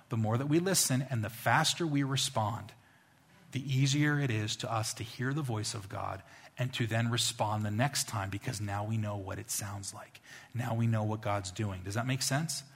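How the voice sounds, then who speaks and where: A man preaching a sermon as a pastor, telling stories in an animated, conversational way. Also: mid-range voice.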